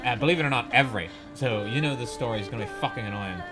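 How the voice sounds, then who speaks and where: Over music, a young man streams a game and rants in a medium-pitched voice at a very fast clip. Exasperated, he rambles through casual commentary and swears a lot.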